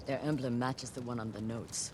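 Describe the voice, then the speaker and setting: A woman voicing a solemn, vengeful noblewoman samurai in a video game, speaking in a measured way. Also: extremely low pitch, steady tone, a crowd in the background. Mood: grim. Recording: game audio under a live stream, noisy.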